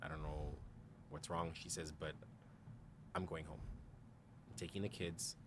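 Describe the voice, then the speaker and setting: The voice is a rumbling low male one, flat in delivery and a little slow, with some hiss or hum. He's a podcast guest telling an honest personal story, acting out other people's words, frequently saying "like" and "you know," and laughing a great deal.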